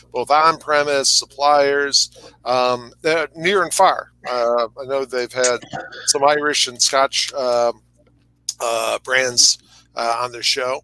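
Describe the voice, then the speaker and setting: A man's voice: on the high side, bright, forceful tone, dry recording, low-quality recording. A man co-hosting a podcast over a video call, joking and rambling with lots of fillers. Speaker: podcast co-host. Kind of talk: casual chat.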